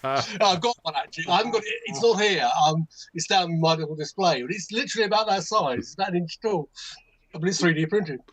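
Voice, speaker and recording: A man's voice: high voice, animated, fast talker, fairly bright tone, rough recording. An older man with an English accent, telling a rambling anecdote as a guest on a hobby livestream, full of restarts and asides. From England. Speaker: guest modelmaker.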